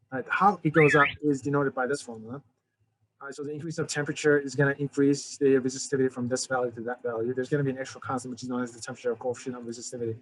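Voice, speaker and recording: A man's voice: medium pitch, rough recording. A man teaching a college physics lecture in a loose, conversational way, calling his students "guys" and often restarting his sentences. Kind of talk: recorded lecture.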